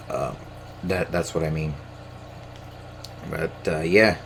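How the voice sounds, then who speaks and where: A man's voice: low-pitched, fairly even intonation, unhurried, pauses often, slight background noise. A man in young adulthood hosting his own podcast, ranting in a rambling, profane way with lots of fillers and restarts. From United States. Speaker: podcast host. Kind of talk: casual solo rant.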